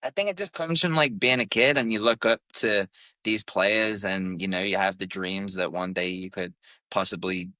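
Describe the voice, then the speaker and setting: A man with a deep voice and a bright, sharp tone in a dry, close recording. He talks candidly and rambles in casual podcast chat, with "like" in almost every sentence. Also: normal speed, no echo. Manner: rambling and candid, heavy use of "like". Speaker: podcast co-host.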